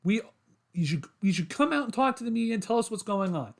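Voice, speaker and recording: A man's voice: high voice, animated, fast talker, vocal fry. A man hosting a solo sports podcast livestream, talking to his chat in a frustrated, repetitive rant.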